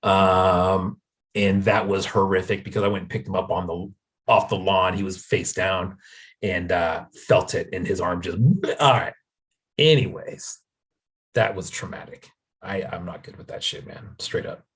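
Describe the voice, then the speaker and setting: Husky laid-back podcast host. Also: male voice, low voice, fairly even intonation, measured pace, a bit bright. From United States. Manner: laid-back, says dude and man a lot. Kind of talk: casual chat.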